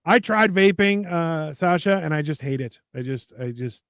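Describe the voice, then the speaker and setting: A man's voice: fairly high pitch, expressive, normal speed, a bit bright, clean tone, dry recording. A man co-hosting a casual podcast, joking and telling stories. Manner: joking, storytelling. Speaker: co-host.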